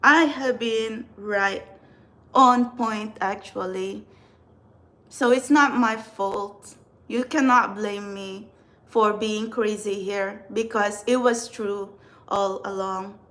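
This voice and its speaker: A woman's voice: medium pitch, fairly even intonation, slow, a bit bright. A woman from the Philippines with a Filipino accent, talking casually to camera as a tarot reader and spiritual channeler. She rambles earnestly and often restarts her sentences.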